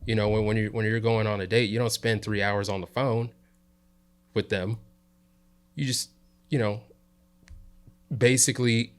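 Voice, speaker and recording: A man from the South Side of Chicago, a guest on an interview show, telling a work story in a relaxed way and checking in with "you know" and "right?". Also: lowish voice, clear, resonant tone. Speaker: interview guest, videographer and coach. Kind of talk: casual storytelling chat.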